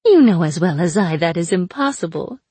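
A woman voicing a cruel, sly chained sorceress who mocks her captor in a slow, drawn-out way. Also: lowish voice, lively intonation, dark tone, slightly rough, no room sound. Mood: taunting. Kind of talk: audiobook character voice.

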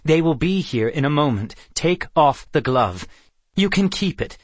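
A man reading an audiobook, voicing a dark unicorn in human form who speaks in a firm, clipped, commanding way. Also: on the high side, lively intonation, unhurried, no echo. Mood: curt. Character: dark unicorn in man's form, cold and controlling. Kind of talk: audiobook character voice.

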